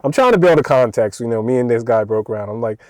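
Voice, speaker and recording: A man's voice: mid-range voice, animated, fast, dry recording. A man casually telling a story from work to his audience in a laid-back, slangy way, chuckling often and throwing in "bro" and "you know.". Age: adult, older than his young coworker.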